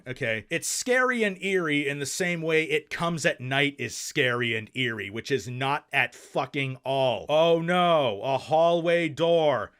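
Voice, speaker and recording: A young man runs his own music review show, swearing freely and sounding sarcastic. His voice sits a little high and moves a lot, jumping between exasperated peaks and flatter deadpan stretches. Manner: angry sarcastic ranting, heavy swearing; calmer deadpan review delivery. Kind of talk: profane comedic rant and album review.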